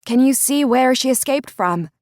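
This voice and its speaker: A woman voicing a warm, teasing young woman who talks brightly and calls out across a distance. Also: high-pitched, normal speed, no room sound, clean studio sound, voice pushed up. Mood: lively. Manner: bright and lively, calling out.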